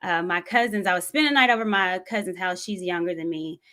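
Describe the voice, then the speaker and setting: A woman's voice: lowish voice, fast talker, sharp tone. A woman from Tennessee, telling a personal story in an earnest, reflective way as a vlogger. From Tennessee, USA.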